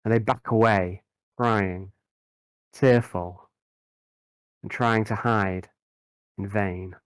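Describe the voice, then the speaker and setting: A man narrating as game master in a tabletop game, describing scenes with frequent halting fillers. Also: on the low side, steady tone, clean tone, no echo, rough recording.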